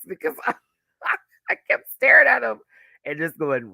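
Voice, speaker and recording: A man chatting through a live review in a campy, animated way, laughing often. His voice leaps high and dips low, bright and forceful in tone, and it sounds dry and close to the mic. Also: moderate pace, creaky, no room sound. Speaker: YouTube reviewer.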